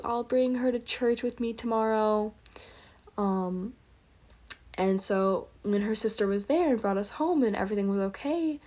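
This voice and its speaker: A woman's voice: mid-range voice, a little mellow. A young woman telling earnest faith stories on a late-night livestream. She sounds tired and talks in a breathless rush. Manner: earnest, breathless storytelling, whispers prayers. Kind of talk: casual faith testimony on a livestream.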